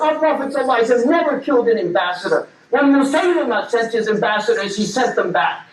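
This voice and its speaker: A man's voice: high-pitched, expressive, quick pace, slight background noise. A man preaching an impassioned sermon, full of rhetorical questions. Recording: roomy echo, distant mic.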